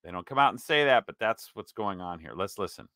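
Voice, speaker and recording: A man commenting on a recorded lecture, pausing it to argue and rebut point by point. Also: lowish voice, animated, bright, forceful tone, no echo, clean studio sound. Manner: argumentative, interjecting, pausing and rebutting. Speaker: commentator reacting to a clip. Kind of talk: casual commentary.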